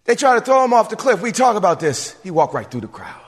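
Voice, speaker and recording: Animated man preaching in a reverberant hall. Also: high voice, fast talker, husky. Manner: animated preaching, repetitive fillers. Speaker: pastor. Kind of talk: sermon.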